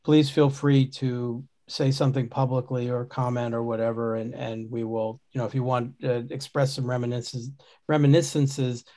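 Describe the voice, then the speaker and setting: A man's voice: medium pitch, level tone, moderate pace, hardly any pauses, mellow. A man hosting a casual podcast conversation, talking in a rambling way with many restarts and fillers. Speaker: podcast host.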